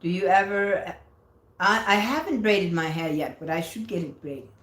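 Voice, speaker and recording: A woman hosts a casual livestream, reading out viewer comments and answering each one in a chatty, playful way. Her voice sits a little low. The room around her adds a noticeable echo. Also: animated, moderate pace, fairly bright tone. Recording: roomy echo.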